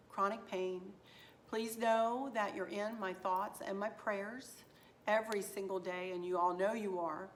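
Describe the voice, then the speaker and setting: A hoarse woman chatting casually to her viewers as a home decor vlogger, gushing and affectionate, rambling from one thought to the next. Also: medium pitch, fairly bright tone, slight background noise.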